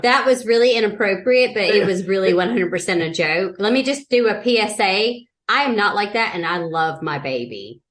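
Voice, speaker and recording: A woman's voice: mid-range voice, animated, moderate pace, few pauses. A woman with a Southern US accent co-hosting a podcast, blunt and sweary, chatting casually. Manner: blunt, sweary, laughs often. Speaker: podcast co-host. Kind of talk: casual chat.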